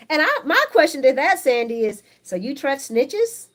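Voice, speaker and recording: A woman's voice: a little high, normal speed, few pauses. A woman hosting a casual live stream, reading viewer comments aloud and giving her chatty, opinionated take. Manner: chatty and opinionated, animated, laughs often. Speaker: soap opera recap host on a live stream.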